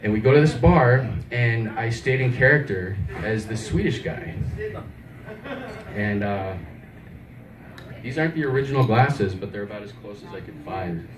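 A man's voice: on the low side, moderate pace, pauses often, crowd noise. A man doing a rambling, self-deprecating open mic stand-up set in a small comedy club, chuckling as he goes. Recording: echoey club, mic far off.

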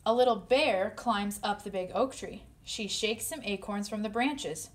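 A woman reading a picture book aloud to children, playfully voicing the animal sounds with high squeaks and yips. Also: lively intonation, unhurried, hardly any pauses. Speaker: storybook reader.

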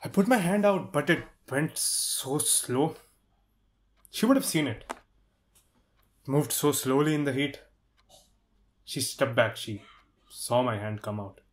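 Young man playing a shaken man, halting, tense narration, middle pitch, student stage drama. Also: big pitch swings, close to an everyday voice. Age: young adult.

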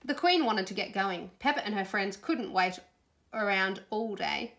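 Woman, children's story read-aloud, expressive, playful, lively pitch, bright tone. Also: measured pace, a little hiss or hum. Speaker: storybook reader.

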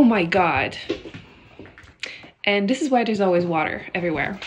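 A woman's voice: medium pitch, lively intonation, moderate pace, long pauses, slight background noise. A young woman vlogging at home, bluntly ranting about a book and cooing at her kittens. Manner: cooing baby talk to kittens. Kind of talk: casual vlog chat.

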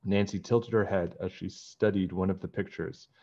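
A man reads a children's chapter book aloud in a steady, plain way, his voice on the low side. The recording is dull and lo-fi. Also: moderate pace. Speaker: storybook reader.

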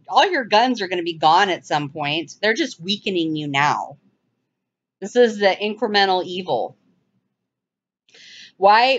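A woman hosting her own channel, commenting urgently over video clips and mocking with sarcastic high-pitched asides. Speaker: channel host. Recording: dull lo-fi sound.

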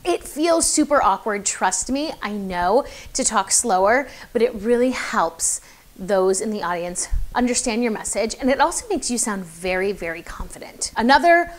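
A woman's voice: on the high side, lively intonation, moderate pace. A young woman coaching public speaking in a chatty, encouraging way, with lots of fillers. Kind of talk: casual advice video to camera.

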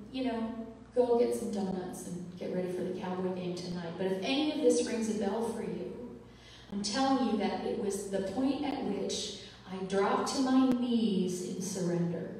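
A woman's voice: medium pitch, warm tone, a little hiss or hum. A woman minister giving an earnest, confessional sermon and repeating phrases for emphasis. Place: church sanctuary. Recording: echoey hall, heard from far off.

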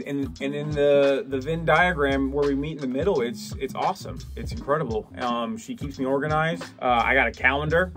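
A man's voice: fairly high pitch, a bit bright. A man vlogging casually, joking and self-mocking as he rambles between topics. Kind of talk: casual vlog talk.

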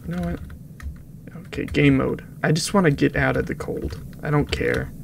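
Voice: mid-range voice, huge pitch swings, normal speed, vocal fry, background noise. A gaming video creator giving rambling, casual commentary over gameplay, with muttered asides that drop to whispers.

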